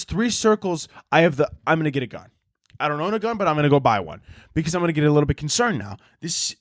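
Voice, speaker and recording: Male podcast host, high-pitched voice, dry close sound, rambling profane comic rants. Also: dry recording. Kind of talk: comedic rant monologue.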